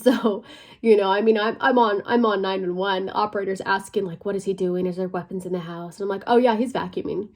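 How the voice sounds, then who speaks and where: A woman's voice: medium pitch, flat delivery, brisk, a little mellow. A young woman vlogging, telling a personal story in a casual, conversational way, full of fillers, sometimes dropping to a near whisper. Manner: conversational, many fillers, drops to a near whisper at tense moments.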